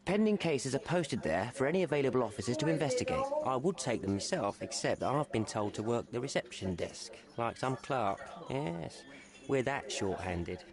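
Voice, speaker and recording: An actor playing a harried police desk officer in a game, emphatic and indignant. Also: male voice, medium pitch, very animated, normal speed, a crowd in the background.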